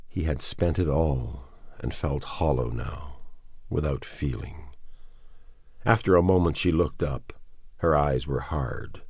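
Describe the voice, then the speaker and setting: Male audiobook narrator, very deep, husky, measured dramatic storytelling. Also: a little mellow, no echo, studio quality. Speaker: audiobook reader.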